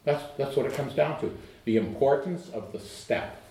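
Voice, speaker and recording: A middle-aged man preaching a sermon, earnest, moving between emphatic lines and hushed, low ones. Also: expressive, moderate pace, distant mic. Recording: roomy echo, voice off-mic.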